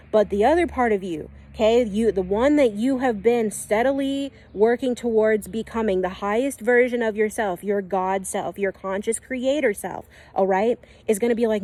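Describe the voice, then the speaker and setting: A woman's voice: on the high side, moderate pace, hardly any pauses, a little mellow. A woman who gives spiritual readings, teaching in a casual and emphatic way and checking in often with "okay?" and "right?". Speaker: spiritual reader.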